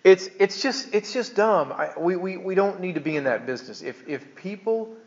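A man's voice: high voice, lively intonation, normal speed, muffled recording. A man preaching a conversational sermon to his church, joking and restarting his sentences as he goes. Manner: chatty, joking, stumbling restarts. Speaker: pastor.

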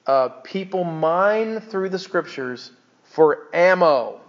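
Joking pastor with a slightly high voice. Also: male voice, expressive, slow, lo-fi sound. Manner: chatty, joking, stumbling restarts. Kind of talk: conversational sermon. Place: church.

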